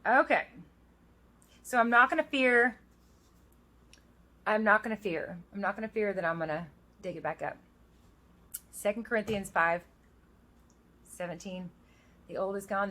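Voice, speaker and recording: A woman's voice: medium pitch, normal speed, pauses often, pushed and bright. A woman in her thirties talking casually and earnestly to her viewers, reading scripture verses aloud. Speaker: vlogger. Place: outdoors in the rain.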